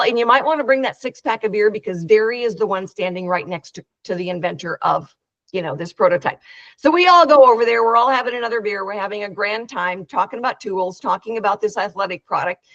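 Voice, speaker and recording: A woman's voice: mid-range voice, a bit bright, no room sound, muffled recording. A woman who organizes an inventors' meetup, telling long rambling anecdotes and acting out the quoted dialogue over a video call. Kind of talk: casual storytelling on a video call.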